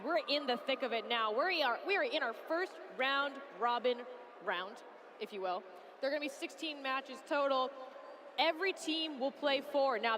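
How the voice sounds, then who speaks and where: A woman with a high voice commentates a robotics competition live from an arena booth, giving excited, exclamatory play-by-play over a noisy background.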